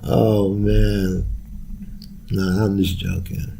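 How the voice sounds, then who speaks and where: A man's voice: fairly low pitch, steady tone, slow pace, gravelly, pauses often, mellow, a little hiss or hum. A young man hosting a podcast, ranting casually with loose street slang, profanity and laughter. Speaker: podcast host.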